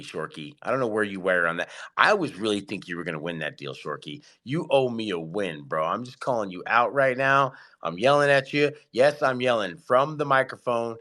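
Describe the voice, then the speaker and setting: Fired-up guy hosting a live audio chat, voice jumps all over, lots of slangy shout-outs. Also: fairly high pitch. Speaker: host of an online audio space.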